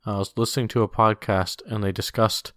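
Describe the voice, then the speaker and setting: Dry, teasing man with a low voice. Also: fairly even intonation, fairly quick, dry recording. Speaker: podcast co-host. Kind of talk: casual chat.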